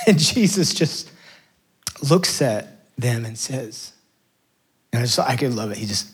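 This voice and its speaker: Husky, passionate male preacher. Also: medium pitch, expressive, a little slow, long pauses. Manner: passionate, rising to emphatic peaks. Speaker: pastor. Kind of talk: sermon.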